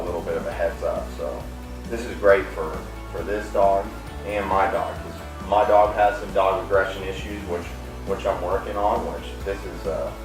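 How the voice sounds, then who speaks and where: Low-voiced man explaining dog training. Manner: calm explaining, with sharp high praise calls to the dog. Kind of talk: casual instruction while training a dog. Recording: roomy distant camera audio with music.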